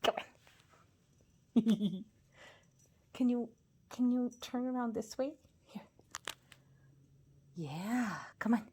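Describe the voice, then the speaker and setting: A woman's voice: fairly high pitch, extremely slow, long pauses, mellow, a little hiss or hum. A woman talking to her pet bird in affectionate baby talk, often laughing and slipping into whispers. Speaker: pet owner.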